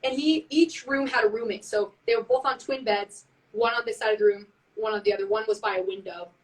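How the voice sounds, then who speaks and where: A woman telling a spooky story in casual chat on a live stream, animated and full of "like", acting out what people said. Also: medium pitch, brisk, recorded from a distance, low-quality recording. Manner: animated, heavy use of "like", acts out quotes. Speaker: band member on a live stream.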